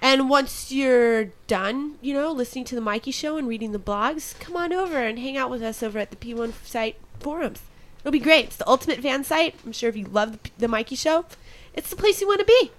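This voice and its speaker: Woman podcast host, slightly high voice, chatty and jokey sign-off patter. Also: lively intonation, fairly quick. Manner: chatty, joking, plugging the show. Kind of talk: casual podcast chat.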